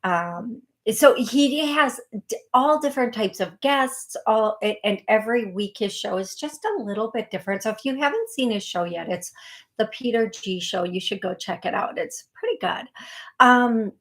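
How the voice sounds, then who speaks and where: A woman's voice: a little high, animated, normal speed. Woman, psychic show host, live call-in chat, rambling, filler-heavy. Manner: chatty and rambling, many fillers and restarts.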